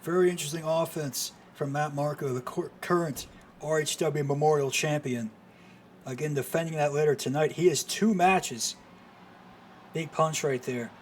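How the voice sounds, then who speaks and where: Excitable man calling wrestling play-by-play. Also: on the high side, slight background noise. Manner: excitable, frequent exclamations. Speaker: streamer commentator. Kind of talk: live wrestling play-by-play commentary.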